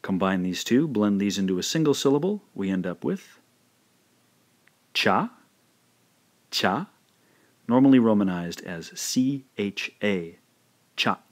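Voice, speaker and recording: In a fairly low, darkish voice with lively intonation, a man teaches a language through scripted instructional narration. His pronunciation drills are slow and careful, taking the syllables one at a time.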